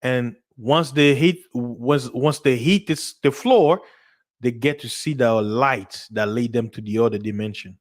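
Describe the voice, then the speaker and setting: A man's voice: mid-range voice, unhurried. A man hosting a casual livestream, rambling, repeating himself and laughing often. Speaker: livestream host.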